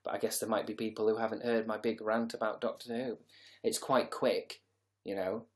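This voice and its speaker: A man's voice: on the low side, level tone, moderate pace. A tired man hosting a casual livestream, rambling sarcastically and reading out viewer comments. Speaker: livestream host.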